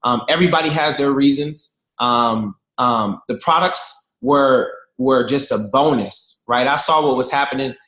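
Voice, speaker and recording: A man in his thirties tells lively, jokey, slangy stories to his team over a video call, speaking straight to his listeners. His medium-pitched voice is unhurried with few pauses, and the room sounds echoey.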